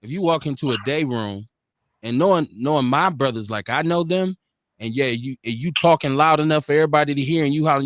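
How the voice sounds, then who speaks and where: A man's voice: on the high side, fast talker, no room sound, studio quality. A man co-hosting a live talk stream, arguing his point hard and acting out quotes as he goes. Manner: animated, argumentative, acts out quotes. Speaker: podcast co-host. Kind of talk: heated casual debate. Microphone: remote stream.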